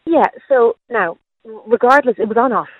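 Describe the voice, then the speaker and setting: A woman's voice: on the high side, expressive, normal speed, breathy edge, dry recording. A woman in her late forties calling into a radio show, telling a long rambling story full of asides. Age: 40s. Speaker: caller. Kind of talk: phone-in call. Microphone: phone. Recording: tinny phone line.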